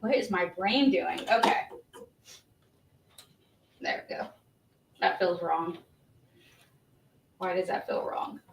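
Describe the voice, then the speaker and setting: Hosting a live embroidery demo, a woman chats and gushes, laughing often in a fairly low, gravelly voice that's slow with long pauses. She sounds a little congested and says she's on cold medicine; the rough recording has slight background noise.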